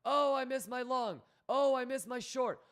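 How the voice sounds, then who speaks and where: A man mimicking a whiny trader moaning high. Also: a little slow, creaky, a bit bright, full character voice. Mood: whining. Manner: high mocking whine, repeated complaints.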